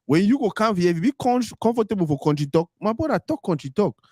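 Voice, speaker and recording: A man's voice: high-pitched, very animated, fast, mellow, no echo, clean studio sound. A man hosting a casual interview, easygoing, switching between Pidgin and English. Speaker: host.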